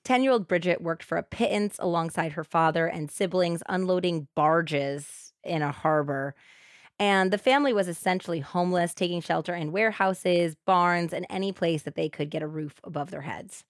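Podcast co-host, woman, lowish voice, expressive true crime storyteller, dry close sound. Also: normal speed, no room sound.

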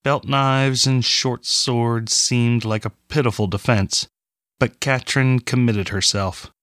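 A man narrating a fantasy audiobook in a measured, even storytelling manner. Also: mid-range voice, no echo, clean studio sound.

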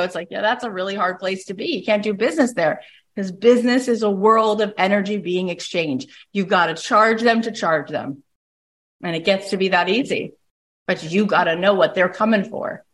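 A woman's voice: mid-range voice, moderate pace. A woman in her thirties hosting a motivational podcast, talking in a breezy, enthusiastic way and acting out little quoted scenes. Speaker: podcast host. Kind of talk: animated motivational podcast talk.

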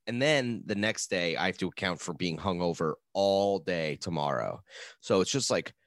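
A man chats in a halting, soft-spoken manner, often trailing off. His voice is somewhat low, and the recording is dry and close. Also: no room sound. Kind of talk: casual chat.

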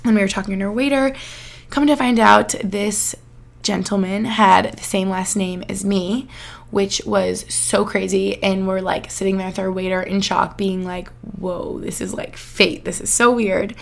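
A woman's voice: medium pitch, level tone, normal speed, vocal fry. A young woman from the United States hosting a podcast, telling a long story in a chatty, rambling way full of "like"s. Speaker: podcast host. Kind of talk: casual chat.

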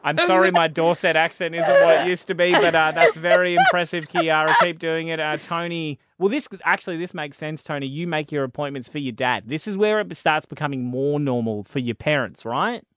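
A man's voice: on the high side, fairly bright tone, a little hiss or hum. An Australian man hosting a breakfast radio show, chatting with callers and a co-host in a teasing, joking way. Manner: teasing, joking, quick banter. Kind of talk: casual radio banter. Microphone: studio microphone.

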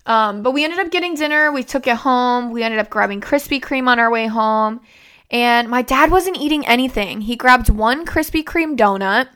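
A young woman tells a personal story to camera in a loose, rambling way, circling back and filling pauses as she goes. Her voice is bright and crisp, sitting a little high. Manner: rambling and conversational, with many fillers and restarts. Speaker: vlogger.

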